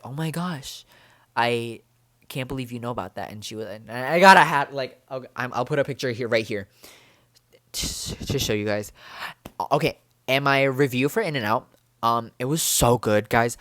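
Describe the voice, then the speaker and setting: A young man talks straight into a close, dry mic, bubbly and rambling, tumbling from one excited exclamation to the next. His voice sits at an ordinary middle pitch, and the casual vlog chatter is packed with fillers and restarts. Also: moderate pace, no room sound. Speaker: vlogger.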